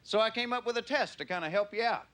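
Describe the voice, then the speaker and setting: A man's voice: sits high, fast, fairly bright tone. A man with a Southern US accent doing a stand-up routine, drawling through stories and slipping into voices. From Southern United States. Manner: drawling, storytelling, slips into character voices. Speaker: stand-up comedian. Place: comedy club stage. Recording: live club audio with crowd and noise. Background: laughing audience.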